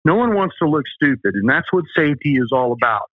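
With big pitch swings and a quick pace, a mid-range-voiced man with a Southern US accent tells folksy, emphatic stories as an interview guest. He owns a safety company, and the recording has no room sound but sounds tinny, like a phone line.

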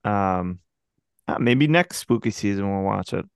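Slow gravelly man hosting. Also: lowish voice, animated, no room sound, clean studio sound. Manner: laid-back, crude joking. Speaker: podcast host. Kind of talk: casual chat.

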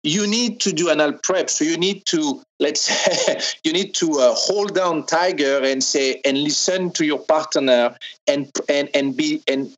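A man's voice: a little high, measured pace, rough recording. A man with a French accent, a podcast guest explaining his topic in a hesitant way, often restarting and repeating words. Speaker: guest, sex toy maker. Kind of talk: casual podcast interview.

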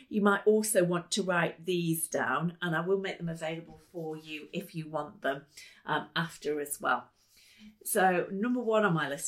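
In a business meeting room, an upbeat woman gives a motivational talk to a live audience. She laughs often and bursts into high, excited exclamations.

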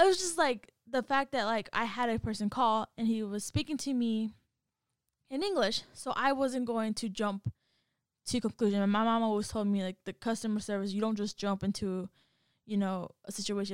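A woman in casual chat, telling a story in an animated way, acting out what others said and laughing often. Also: medium pitch, smooth, no room sound, studio quality.

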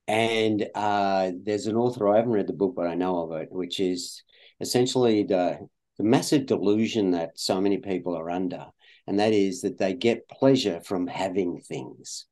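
Australian man, interview guest, deep voice, warm tone, rambling with fillers. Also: moderate pace. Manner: rambling, many fillers and restarts. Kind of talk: conversational interview.

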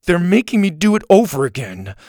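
A man's voice: sits high, big pitch swings, brisk, darkish tone, no room sound, studio quality, pitched above the performer's own voice. A man voicing an upset, frustrated young girl at camp, whiny and exasperated.

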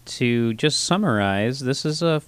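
A man's voice: mid-range voice, expressive, a little slow, clear, resonant tone, no echo. A man as a podcast guest, explaining with many hesitations and fillers. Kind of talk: casual explanation.

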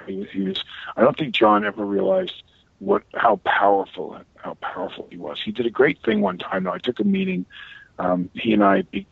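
Gravelly low-voiced man telling stories. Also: dry recording, muffled recording. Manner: animated storyteller, frequent restarts, swears. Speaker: guest, actor. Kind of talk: casual anecdotal storytelling.

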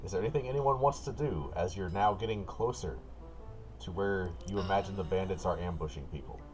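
A man running a tabletop game as game master, setting scenes in a relaxed, patient way. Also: low-pitched, brisk, soft background music.

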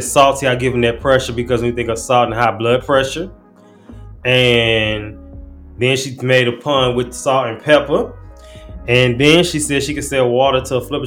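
With a mid-range, fairly bright voice, the male host of a laid-back show picks apart rap lyrics. He talks in slang and often starts his sentences over.

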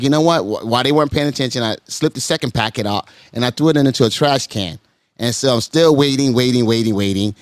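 A man telling a long personal story in a casual podcast chat. He acts out the people in it with sudden high-pitched voices and repeats his words as he goes. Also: dry recording.

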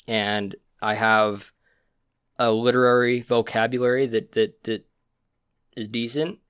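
A man's voice: medium pitch, steady tone, unhurried, fairly bright tone, clear, resonant tone, no echo, studio quality. A young man co-hosting a casual podcast chat, a rambling storyteller who laughs at his own stories, recorded on a podcast mic. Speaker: podcast co-host.

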